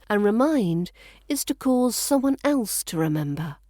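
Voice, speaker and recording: A woman with a British RP accent teaching pronunciation, speaking slowly and clearly and repeating each word for practice. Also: medium pitch, sing-song, warm tone, dry recording, studio quality. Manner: slow, carefully enunciated, repeats words for practice. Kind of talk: scripted accent lesson.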